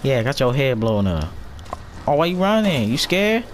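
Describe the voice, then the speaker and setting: Excitable man yelling over a noisy game. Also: mid-range voice, normal speed. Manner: loud excitable reactions, yelling at enemies; slangy, repetitive taunting. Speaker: gaming channel host. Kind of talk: casual gameplay commentary.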